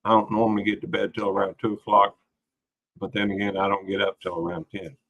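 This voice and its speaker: Low, bright-voiced man chatting on a livestream. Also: flat delivery, fast, gravelly, dull audio. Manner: rambling, folksy, greets viewers by name. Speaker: livestream host. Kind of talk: casual late-night livestream chat.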